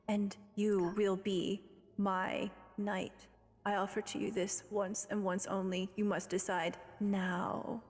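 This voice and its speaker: A woman's voice: mid-range voice, long reverb tail, pitched below the performer's own voice. A woman voicing a proud gorgon queen, reduced to a severed head, who speaks in a solemn, commanding way.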